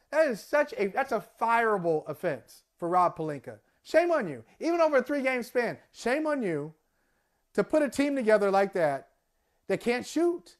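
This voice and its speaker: A man on a sports talk show, talking in a casual, emphatic way and piling on disbelief. His delivery is plain and conversational, full of rhetorical questions. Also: very high voice. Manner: emphatic, incredulous ranting.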